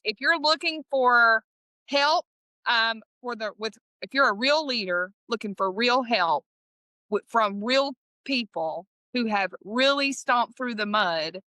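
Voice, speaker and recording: A woman's voice: on the high side, bright, forceful tone, clear, resonant tone, dry recording, poor audio. A woman with an East Texas Southern accent hosting a podcast in a folksy, upbeat way, often restarting her sentences. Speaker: podcast host.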